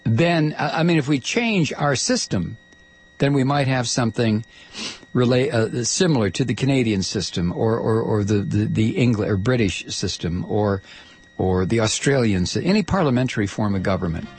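A middle-aged man holds forth on talk radio in a husky voice. He gets heated, repeats words as he pushes his point, and rants straight at his listeners. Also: medium pitch, animated, moderate pace, darkish tone. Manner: heated, ranting, stammering restarts. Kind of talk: political talk radio monologue.

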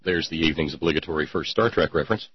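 A man's voice: very deep voice, racing, husky, dry recording. A man hosting a sarcastic commentary show, rambling with lots of fillers. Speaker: host. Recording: dull lo-fi podcast mic.

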